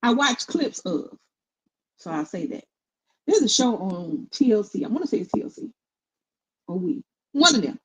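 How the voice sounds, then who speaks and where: A middle-aged woman co-hosting casual commentary, blunt and opinionated in a steady, even tone. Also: medium pitch, moderate pace, pauses often, slight background noise, low-quality recording. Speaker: co-host.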